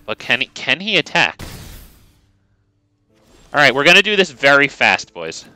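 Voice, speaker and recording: A man's voice: mid-range voice, sing-song, normal speed, bright, forceful tone, faint music behind, poor audio. A man streaming a card game, chatting casually with viewers in a joking, sarcastic, rambling way. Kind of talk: casual gameplay commentary.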